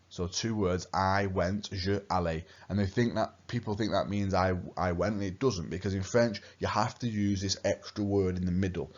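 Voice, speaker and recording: A man teaches a recorded lesson, patiently repeating his key points. His voice sits very low. The recording sounds dull and lo-fi. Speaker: language teacher.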